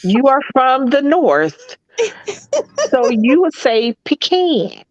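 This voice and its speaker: A woman's voice: sits high, sing-song, slow, no echo, lo-fi sound. A Southern woman co-hosting a casual chat, blunt, bawdy and emphatic when she argues. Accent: Southern American. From American South. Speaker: co-host.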